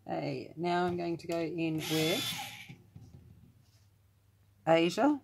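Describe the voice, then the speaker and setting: An Australian woman with a low voice talks through her colouring in a relaxed, chatty way. She drifts into rambling side stories and pokes fun at herself. It sounds like a room at home. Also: slow pace, vocal fry, a little hiss or hum. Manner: chatty, rambling asides, self-deprecating. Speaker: colouring channel host. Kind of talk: casual tutorial chat while colouring. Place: room at home with the door closed.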